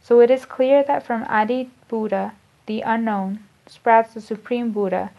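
A woman with a somewhat high voice reads esoteric spiritual teachings aloud, slow and deliberate, going back to restart and repeat her phrases. The recording is dull and lo-fi. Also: steady tone, gravelly. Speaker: spiritual lecturer.

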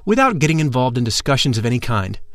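A man narrating a first-person account in a measured, formal reading voice. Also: mid-range voice, big pitch swings, a bit bright, no echo, clean studio sound.

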